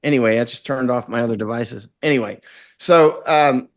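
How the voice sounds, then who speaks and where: A man's voice: mid-range voice, moderate pace. A middle-aged man from Florida, a guest in an interview, talking in an intense, rambling way and acting out quotes. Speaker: guest, war correspondent. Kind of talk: conversational interview.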